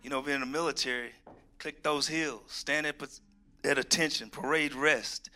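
A man's voice: mid-range voice, normal speed. A middle-aged man preaching a sermon, reading scripture and joking folksily with his congregation. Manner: folksy and animated, reads scripture, jokes with the congregation.

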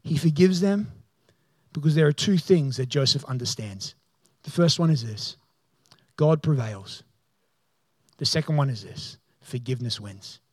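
Pastor, male, lively storytelling sermon voice, a little high, dry close sound. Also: a little slow, slightly rough, no echo. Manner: storytelling preacher, voices the figures, turns loud and excited.

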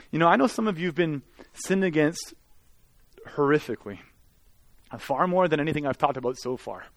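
A man, a pastor, preaching a sermon with earnest intensity, swelling loud and then dropping to soft, intimate tones. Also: fairly high pitch, no room sound.

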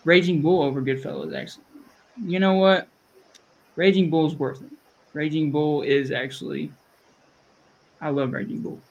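A man's voice: fairly high pitch, fairly even intonation, normal speed, pauses often, darkish tone, muffled recording. A man with a Southern US accent hosting a podcast, rambling and chatty, often restarting his sentences. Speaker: podcast host. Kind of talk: casual chat.

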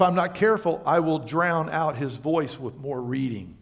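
A male pastor preaching a sermon to his congregation, swinging between loud emphatic lines and quiet, low asides. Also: moderate pace, few pauses. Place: church sanctuary.

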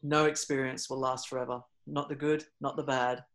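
A man, a podcast guest, telling a personal story in casual talk, full of fillers and restarts, and getting loud and animated at the dramatic moments. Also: mid-range voice, normal speed. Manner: rambling, many fillers and restarts; gets loud and animated retelling scary moments.

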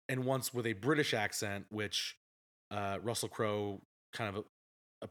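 A man's voice: fairly low pitch, a bit bright. A man co-hosting a casual movie review podcast, chatty and often laughing as he retells scenes. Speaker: podcast co-host.

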